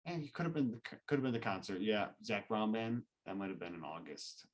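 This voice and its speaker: A man with a very low voice co-hosting a casual podcast. He is laid-back and often chimes in with short, agreeing replies before adding his own bits. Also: sing-song, fast, lo-fi sound. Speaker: podcast co-host. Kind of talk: casual chat.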